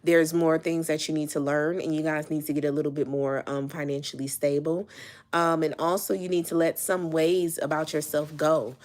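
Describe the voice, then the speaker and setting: Low-voiced chatty woman tarot reader. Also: little pitch movement, normal speed, a little mellow. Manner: chatty, many ums and okays. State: a little out of breath. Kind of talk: casual tarot reading to camera.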